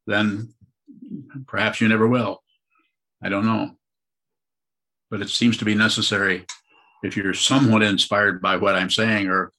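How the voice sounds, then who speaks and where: A man teaching meditation and answering questions in a gentle, rambling dharma talk. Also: fairly low pitch, breathy edge.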